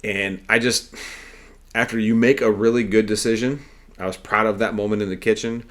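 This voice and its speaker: Speaking at an ordinary pace in a steady, lowish voice, a man hosting a podcast rambles through a story. His casual storytelling monologue comes across as earnest and conversational.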